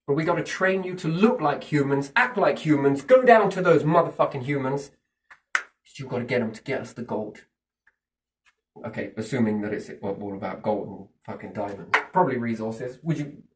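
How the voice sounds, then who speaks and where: A man's voice: medium pitch, normal speed, a little hiss or hum. A man talking in a casual, rambling monologue, swearing freely and asking himself questions, then answering them. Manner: animated, profane, speculative, asks himself questions and answers them. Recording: distant from the mic.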